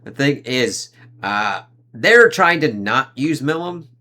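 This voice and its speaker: A man giving a casual, loose review of an anime season, swearing freely and leaning on fillers like "like" and "uh", with quick impressions of the characters he talks about. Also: mid-range voice, animated, bright, forceful tone. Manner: rambling, profane, heavy on fillers like "like" and "uh".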